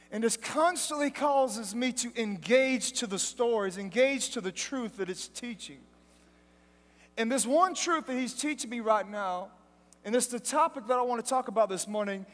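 A man preaching a sermon at a live event, telling stories in a lively, joking way. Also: very high voice. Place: large event hall. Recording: long hall reverb from live event.

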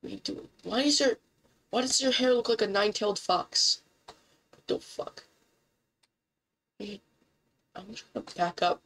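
An excitable woman narrates her gameplay in a loose, casual way, cursing freely. Her voice sits at an ordinary middle pitch but often jumps upward when she is caught off guard. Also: a little slow, long pauses, rough recording. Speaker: gameplay commentator.

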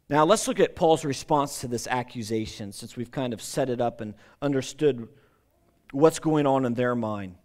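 Emphatic preaching man, slightly high voice. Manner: emphatic preaching with repetitions and restarts. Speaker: pastor. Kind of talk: sermon.

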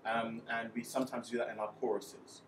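A man's voice: medium pitch, flat delivery, a little fast, background noise. A man teaching hymn music theory step by step, patiently counting beats aloud and often checking in with "okay?". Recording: echoey room, voice a bit far from mic, faint ambience.

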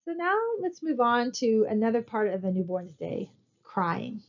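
In a somewhat dull, lo-fi recording, a college instructor narrates her slides at a moderate pace in a fairly high, sing-song voice. She keeps it conversational, often stopping for rhetorical questions to her students.

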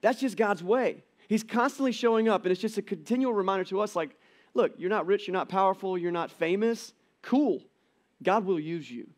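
A middle-aged man giving a conversational church sermon, telling the story with animated quoted voices. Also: high voice, normal speed. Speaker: pastor. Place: church auditorium.

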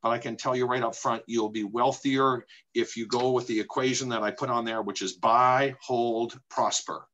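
A middle-aged man from Canada speaks as a real estate agent in a webinar. His voice sits at an ordinary middle pitch. He talks in an opinionated, emphatic way, asking himself rhetorical questions and repeating his key points. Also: little pitch movement, brisk, hardly any pauses, fairly bright tone, lo-fi sound. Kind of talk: presentation talk.

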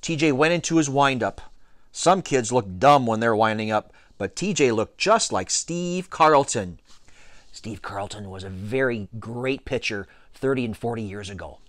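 A man reads a children's chapter book aloud, telling it in the first person. His storytelling is expressive, with lively pitch. The recording is close and dry. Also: no echo. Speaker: audiobook reader. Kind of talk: storybook narration.

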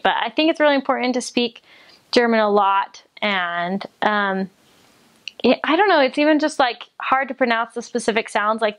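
A young woman from the United States, talking casually about her mission, chatty and giggly with many fillers. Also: medium pitch. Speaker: returned missionary. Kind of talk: casual chat.

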